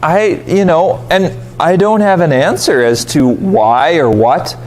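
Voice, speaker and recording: Man, Bible study leader, slightly high voice, very lively intonation, chatty teaching with rhetorical questions. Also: slow pace, slight background noise. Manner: conversational, animated, voices quoted reactions with pitch jumps; asks the audience rhetorical questions.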